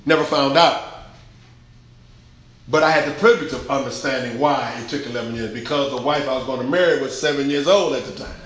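A man's voice: mid-range voice, a little fast, a bit bright. A male pastor preaching a sermon, emphatic and colloquial, with lots of repetition. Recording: very echoey hall, faint noise.

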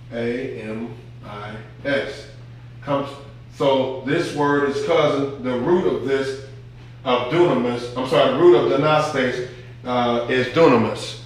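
A pastor with a mid-range, fairly bright voice preaches a teaching sermon in a very echoey hall, with a little hiss or hum on the audio. He repeats key phrases emphatically and uses call-and-response to draw answers from the congregation.

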